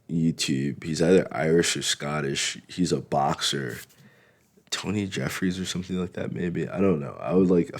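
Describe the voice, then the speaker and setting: A man's voice: extremely low pitch, creaky, darkish tone. A man in a blunt, rambling, profane casual monologue for his vlog. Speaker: vlogger.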